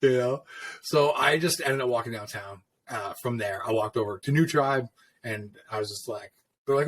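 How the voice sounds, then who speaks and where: Speaking at a moderate pace in a mid-range, fairly bright voice, a middle-aged man recounts stories from his tattoo shop. He keeps it easygoing and profane, voicing the things people told him as he chats casually.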